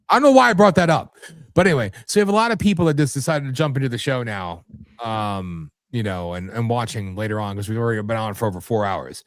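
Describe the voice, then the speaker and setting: A man's voice: mid-range voice, lively intonation, fairly quick, dry recording, clean studio sound. A man hosting a live internet radio show with an American accent, rambling and cursing in casual, self-deprecating chat. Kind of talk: casual late-night chat.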